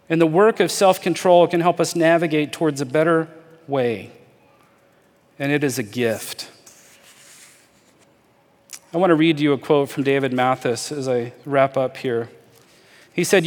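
A man preaching a sermon as a pastor, talking earnestly, inviting listeners to imagine with him and slowing down to stress key phrases. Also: fairly high pitch, in a large hall.

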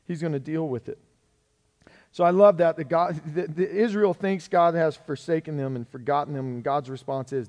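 A man preaching a sermon, reading scripture aloud and then talking to his congregation in an animated way, swinging between loud passages and soft ones. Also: fairly high pitch, moderate pace. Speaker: pastor.

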